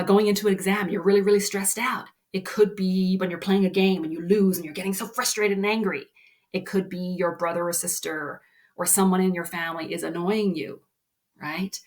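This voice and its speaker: Young woman, kids' life coach, soft and reassuring, keeps asking "right?". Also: on the low side. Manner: gentle, reassuring, often ending with "right?". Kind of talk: explaining lesson to children.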